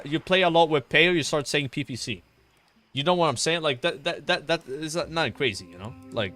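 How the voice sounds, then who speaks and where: A man's voice: fairly high pitch, fairly bright tone. A young man chatting casually on a stream, rambling, swearing and filling with "like" and "you know.".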